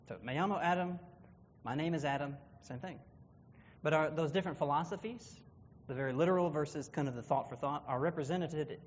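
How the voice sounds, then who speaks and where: A man's voice: on the high side, a little mellow, slight background noise. A man teaching a Bible class, explaining in a conversational way and correcting himself as he goes. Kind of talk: classroom lesson with visual aids. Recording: dull, reverberant room recording.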